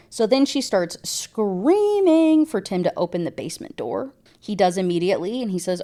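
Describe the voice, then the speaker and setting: A woman's voice: mid-range voice, sing-song, moderate pace, few pauses, mellow. A woman ranting through a book review, sarcastic and exasperated.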